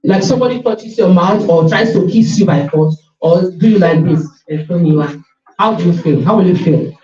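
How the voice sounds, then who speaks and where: A woman's voice: fairly low pitch, warm tone. A woman coaching a school class on body safety, asking the students questions and stressing her words. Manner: questioning, drawn-out emphasis. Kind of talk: classroom teaching session. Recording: echoey, dull, from far off.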